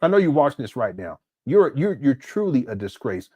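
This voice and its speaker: A man's voice: mid-range voice, very animated, fairly quick, mellow, breathy edge. A man hosting a reaction commentary, incredulous and indignant, laughing often. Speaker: commentary channel host.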